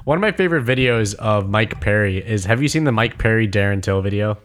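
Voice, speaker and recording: A man's voice: lowish voice, lively intonation, brisk, fairly bright tone. A young man in casual chat, telling stories in a rambling way with many fillers and restarts. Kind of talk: casual chat about combat sports.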